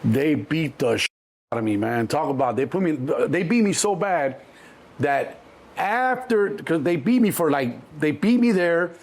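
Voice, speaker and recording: His voice is fairly high and a little slow. A Chicagoan in his sixties, he's a guest in a casual interview, reminiscing animatedly, imitating others' voices and making many restarts.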